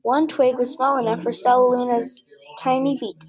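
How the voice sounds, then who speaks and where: A woman with a high, light voice reads a children's picture book aloud. Her telling is gentle and expressive, with the odd small slip. A crowd can be heard clearly in the background. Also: normal speed, low-quality recording. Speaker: storybook reader.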